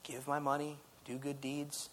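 A man preaching a sermon in an earnest, conversational way, dropping soft and then rising loud. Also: fairly high pitch, monotone, unhurried. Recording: faint background noise.

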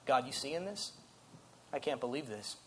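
Guy doing a whiny southern churchgoer muttering low and quiet at god, sulky and self-pitying. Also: very animated, moderate pace, a little hiss or hum, lightly acted. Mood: grumbling. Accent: put-on American Southern.

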